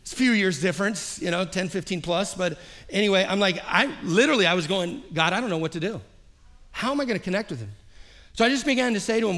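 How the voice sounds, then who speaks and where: A man's voice: high voice, expressive, fast talker, fairly bright tone. A man preaching a sermon as pastor, telling a personal story and acting out the quoted dialogue, often repeating his phrases. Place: church service.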